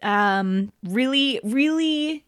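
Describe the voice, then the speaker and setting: Woman cohosting a comedy podcast, kinda high voice, playful mock-serious. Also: expressive, extremely slow, smooth, no room sound, studio quality. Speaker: podcast co-host.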